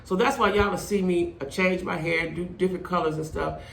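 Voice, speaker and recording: A woman's voice: lowish voice, brisk, creaky. Woman ranting about a reality show, blunt and cussing, roomy echo. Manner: animated, blunt, swears freely. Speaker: reality TV recap vlogger. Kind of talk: casual TV recap commentary. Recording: echoey room with faint noise.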